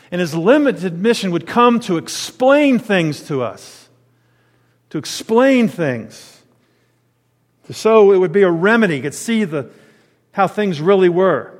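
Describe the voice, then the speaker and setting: A man preaching a sermon in a conversational, animated way, sometimes stopping to search for words. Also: high voice. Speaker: pastor. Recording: long reverb of a large hall.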